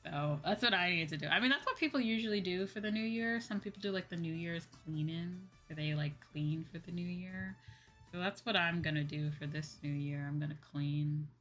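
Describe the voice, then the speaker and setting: A woman's voice: on the low side, fairly quick, a bit bright, soft background music. A woman streamer chatting casually to her viewers, rambling and repeating herself with lots of fillers. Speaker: VTuber streamer.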